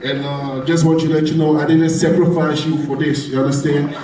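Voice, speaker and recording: A man's voice: on the high side, level tone, brisk. A male bodybuilding competitor speaking emotionally at a press conference, swearing and repeating himself. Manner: impassioned, swearing, repeating "you understand". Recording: echoey room, distant mic, crowd noise.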